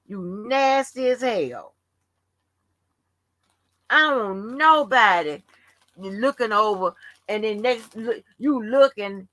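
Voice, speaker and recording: A woman's voice: on the high side, sharp tone, dry recording. A woman hosting a livestream open forum, telling stories in a blunt, profane, casual rant. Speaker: livestream host.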